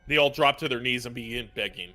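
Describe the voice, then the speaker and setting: A man narrating a tabletop role-playing game as game master, chatty and quick to laugh. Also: mid-range voice, sharp tone, faint music behind. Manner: laughs often, loose and chatty.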